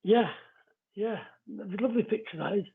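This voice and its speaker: A man's voice: sits high, moderate pace, husky. A man hosting a live-stream psychic card reading, chatting casually and greeting viewers by name as he explains the cards. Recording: narrow phone-like audio.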